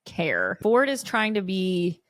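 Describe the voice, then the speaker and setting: A woman co-hosting a podcast, chatting casually as she recaps a TV episode in an animated way. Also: medium pitch, slow, no room sound. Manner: animated, acts out quoted lines with laughs. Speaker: podcast co-host.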